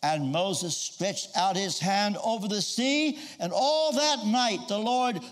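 A man's voice: high voice, expressive, slow pace. A man preaching a sermon, telling a Bible story and acting out the quoted voices as he goes.

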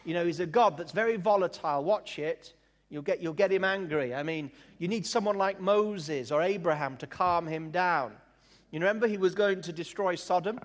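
A man with a fairly high voice preaches a sermon, leaning hard on key words and slowing down to make a point. His voice carries a long reverb, as if he is speaking in a large church hall. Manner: emphatic, drawn-out words, jokey asides.

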